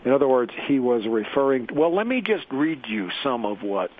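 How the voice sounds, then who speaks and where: Halting, rambling male talk radio host. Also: medium pitch, sing-song, narrow, tinny audio. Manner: rambling, halting, frequent restarts. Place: south central Colorado.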